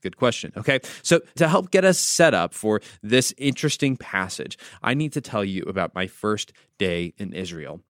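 Pastor telling a story, dry sound. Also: male voice, fairly low pitch, lively intonation, normal speed, hardly any pauses, fairly bright tone, dry recording. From United States. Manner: conversational storytelling with wry asides. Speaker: pastor and podcast host. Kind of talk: devotional podcast teaching.

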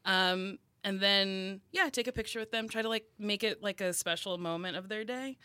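A woman in her thirties with a bright, forceful voice tells stories with animated energy and laughs often. The sound is dry and close, with no room in it. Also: mid-range voice, moderate pace, clean tone, no room sound. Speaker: comedian and actress guest. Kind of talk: casual interview chat.

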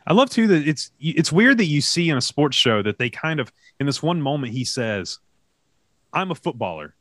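Middle-aged male podcast co-host, animated storyteller, very expressive pitch. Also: normal speed, no echo. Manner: animated storytelling, acts out dialogue. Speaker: podcast co-host, youth soccer coach. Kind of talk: casual podcast chat.

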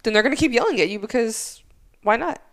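Animated storytelling woman. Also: on the high side, fast. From United States. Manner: animated storyteller who swears freely and acts out both sides of arguments. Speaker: podcast guest, former Air Force instructor. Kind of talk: casual chat, storytelling.

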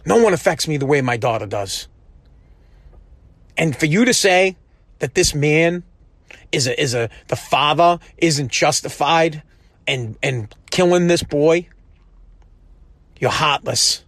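A man's voice: a little high, expressive, takes it slowly, long pauses, fairly bright tone, no echo. A man in his thirties from the United States, delivering a heated, profane, emphatic monologue with frequent restarts. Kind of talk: impassioned monologue.

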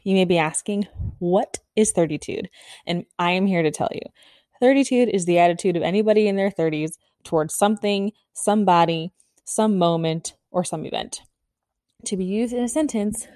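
A woman in her thirties hosting a casual solo podcast, talking fast and bubbly, rambling with lots of "like" and little laughs. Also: medium pitch, warm tone, no echo, studio quality. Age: 30s. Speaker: podcast host.

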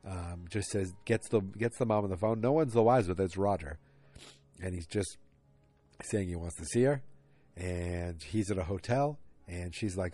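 Male podcast host, lower register, rambling and conversational, casual recap delivery. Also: normal speed, mellow, faint music behind. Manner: chatty, digressive, self-aware. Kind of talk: casual chat.

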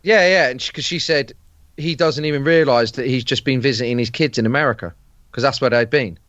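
A man's voice: medium pitch, a little fast, a bit bright, no echo, dull audio. A man, a podcast guest chatting casually, rambling with plenty of fillers and restarts. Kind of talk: casual chat.

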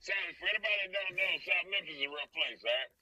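A man's voice: high voice, racing, distant mic, poor audio. Texan man telling a story with laughter. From Texas. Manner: animated, laughing, many restarts and fillers. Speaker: voice actor guest. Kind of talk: casual storytelling.

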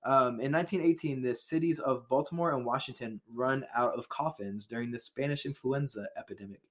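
Give me an easygoing man co-hosting a podcast and reading trivia off a list. His voice sits in a middle pitch, and he keeps trailing off into ums and little laughs. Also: brisk, a bit bright. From United States. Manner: loose, laughing, trailing off into fillers. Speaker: podcast co-host. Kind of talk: casual chat, reading history facts.

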